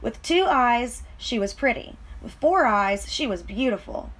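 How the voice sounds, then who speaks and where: A woman reading a children's storybook aloud in plain, even narration. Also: on the high side, unhurried. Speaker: reader.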